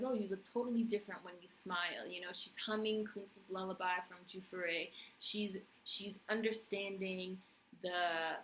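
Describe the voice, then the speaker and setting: A woman's voice: medium pitch, a bit bright, a little hiss or hum, rough recording. A young woman recapping a TV series on her vlog, passionate and blunt, swearing freely. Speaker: TV review vlogger. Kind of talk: casual recap and commentary.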